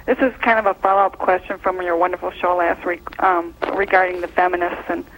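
A woman's voice: lowish voice, little pitch movement, brisk, fairly bright tone, a little hiss or hum. A woman from Minnesota calling in to a religious show, talking in a gushing, rambling, earnest way. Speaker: caller. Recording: caller over a phone line.

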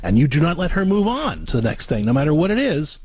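A man's voice: on the high side, big pitch swings, quick pace, slight background noise. A man co-hosting a parenting advice radio show, coaching callers step by step in an earnest way. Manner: earnest, coaching, acts out gentle parent scripts.

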